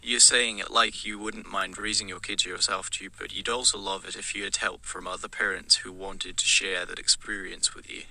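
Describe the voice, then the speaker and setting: A man streaming live, reading a generated text game aloud in a steady, flat read-aloud delivery. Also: sits low, normal speed, vocal fry, hardly any pauses, low-quality recording. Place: home streaming setup.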